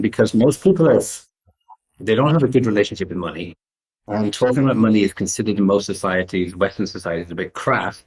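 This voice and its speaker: A man's voice: lowish voice, poor audio. An English man in his fifties, a guest entrepreneur telling stories in an interview with frequent restarts. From England. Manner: animated storyteller, restarts sentences often. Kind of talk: conversational interview storytelling.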